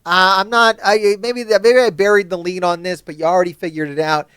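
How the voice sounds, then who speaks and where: Guy ranting over a mobile game, swears a ton, high smooth voice, dry close mic. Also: brisk, no echo. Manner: profane, ranting, excitable. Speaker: gaming YouTuber. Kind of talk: casual gameplay commentary.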